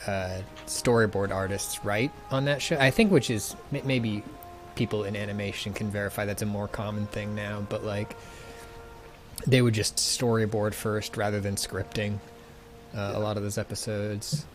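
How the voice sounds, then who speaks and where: A man co-hosting a casual gaming stream, musing aloud in halting, rambling sentences. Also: lowish voice, level tone, faint music behind. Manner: rambling, halting, restarts words. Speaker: stream co-host.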